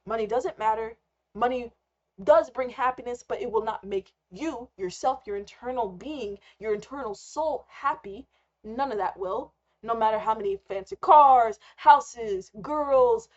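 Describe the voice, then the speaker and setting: A young woman rambling candidly in an unscripted live rant as a trader, swearing freely. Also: on the high side. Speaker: trader and vlogger. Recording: slightly muffled lo-fi recording.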